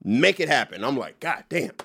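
A man hosting a casual podcast chat, telling stories in an animated way and slipping into voice impressions. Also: medium pitch, moderate pace, vocal fry, husky. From moved to New York as a young comic. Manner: animated storyteller, lively voice impressions. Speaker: podcast host.

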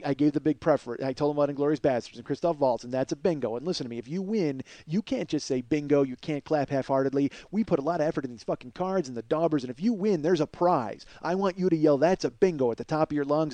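A man telling a story as podcast host in an animated, profane, energetic way. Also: fairly high pitch, no echo.

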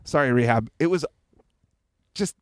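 Man in his forties, casual chat, lively swearing storyteller, dry close sound. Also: mid-range voice, unhurried, dry recording. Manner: animated, swears often, laughs while telling stories. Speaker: guest musician.

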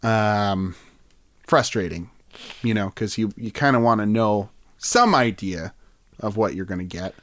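A man's voice: fairly low pitch, unhurried, a bit bright, no echo, clean studio sound. A man co-hosting a comedy podcast, chatting casually and riffing playfully into silly bits.

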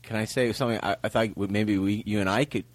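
A man in casual chat as a podcast guest, easygoing as he pitches ideas. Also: steady tone, fast talker, no room sound.

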